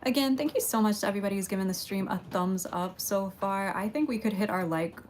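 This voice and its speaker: A woman's voice: medium pitch, fast, darkish tone. Woman, livestream host, chatty, greets viewers, laughs a lot, faint background noise. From Texas. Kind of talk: casual livestream chat with viewers.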